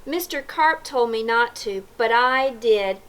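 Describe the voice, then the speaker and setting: A woman voicing a young boy in a picture-book story, pleading and alarmed in a raised, high voice. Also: expressive, takes it slowly, a bit bright. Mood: panicky. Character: young boy, panicky fish owner.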